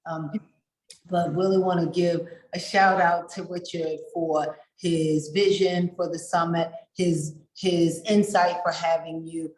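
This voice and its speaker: Woman moderator, slightly low voice, casual chatty delivery, echoey room. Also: level tone, takes it slowly, a little mellow. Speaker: panel moderator. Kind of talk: casual moderating on a virtual panel.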